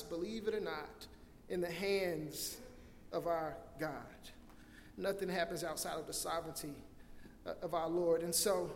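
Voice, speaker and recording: A man's voice: fairly high pitch, steady tone, measured pace. A man preaching a sermon as pastor, impassioned, often repeating and restarting his words. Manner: impassioned preaching, acts out scenes in loud cries. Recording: echoey hall with long reverb.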